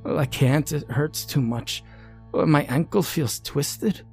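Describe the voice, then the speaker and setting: A man voicing a frightened, injured young woman who sobs and pleads in a hoarse, panicked voice. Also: a little high, slow pace, faint music behind, voice pushed up, full character voice. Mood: panicked whining. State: sobbing, hoarse.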